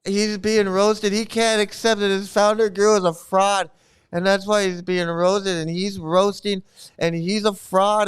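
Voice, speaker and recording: A man's voice: high-pitched, clean tone. A man hosting a stream, giving angry, mocking commentary full of profanity. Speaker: host. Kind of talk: ranting commentary on a replayed stream.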